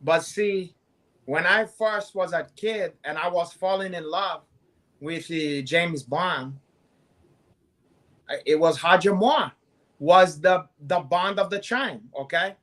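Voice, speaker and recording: A high-pitched man in loose, comedic banter. He peppers every sentence with profanity and tags lines with "kid". He rambles freely as co-host. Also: slow, fairly bright tone. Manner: swears constantly, calls people "kid", rambling. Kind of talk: casual comedic chat.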